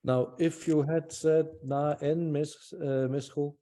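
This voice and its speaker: A man's voice: on the high side, level tone, takes it slowly, dark tone. A man teaching a small language class over a video call, patient and encouraging, thinking aloud with fillers.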